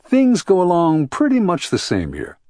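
A man voicing a tired, gentle middle-aged woman in an audiobook, soft and reassuring, with a husky voice. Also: sits high, huge pitch swings, moderate pace, dry recording, studio quality, pitched above the performer's own voice. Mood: tender. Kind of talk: audiobook character reading.

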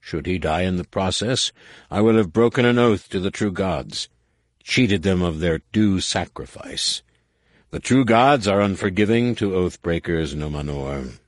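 A man voicing a rasping alien war master. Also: low voice, animated, unhurried, dry recording, studio quality. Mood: stern. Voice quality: rasping, growling. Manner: curt, threatening. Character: stern alien male war master, menacing.

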